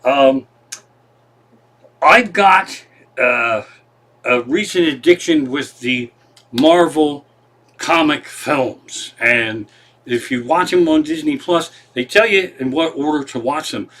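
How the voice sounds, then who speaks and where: Guy comic rambling on from his living room, kinda high bright voice, swears a lot, wanders off topic. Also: takes it slowly, long pauses. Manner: profane, meandering, self-deprecating. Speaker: comedian host. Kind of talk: rambling comedic monologue.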